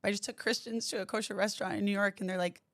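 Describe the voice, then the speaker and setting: An American woman chatting fast and at length as a podcast guest, laughing often. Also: mid-range voice, steady tone, fairly bright tone. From United States. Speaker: guest, independent journalist and commentator. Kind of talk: casual podcast chat.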